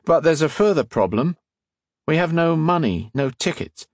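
An earnest, bashful young man, voiced by a male reader, a little higher than the reader's own voice. He stumbles and halts over his words, in a dry, close sound. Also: lively intonation, no echo, close to an everyday voice. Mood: wry. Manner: hesitant, halting.

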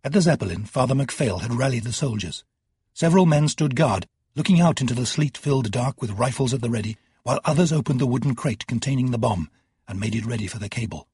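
A male narrator reads a fantasy novel with measured, dramatic pacing. His voice is very husky and breathy, in a middle pitch. The recording is close and dry. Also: expressive, a little mellow, no echo. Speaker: audiobook narrator. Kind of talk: scripted narration.

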